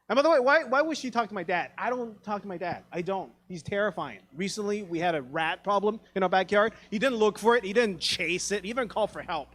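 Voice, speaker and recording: A stand-up comedian in his thirties, originally from Taiwan, works a theatre crowd with profane, self-deprecating stories. He acts out the other people in his dialogue. His voice sits a little on the high side. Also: fast, few pauses, a bit bright. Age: 30s. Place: theatre stage.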